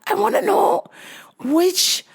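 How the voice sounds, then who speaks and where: A fussy little old mother , played by a woman, complains in a shrill, halting broken English. Her pitch leaps high and swoops about. She scolds and whines in the same sing-song breath. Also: animated, gravelly, full character voice. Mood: whiny complaint. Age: older.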